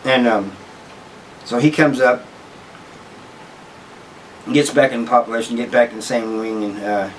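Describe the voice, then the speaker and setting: A man's voice: mid-range voice, steady tone, a little slow, long pauses, distant mic, a little hiss or hum, rough recording. A man hosting his own channel, casually telling a story with many restarts and asides. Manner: rambling, with frequent restarts and "you know" asides. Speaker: channel host telling prison stories.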